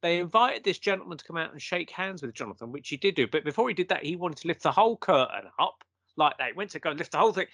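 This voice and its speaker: A man's voice: on the high side, animated, quick pace, fairly bright tone, no echo. A man, a guest telling a story in a casual conversation and acting out the quotes.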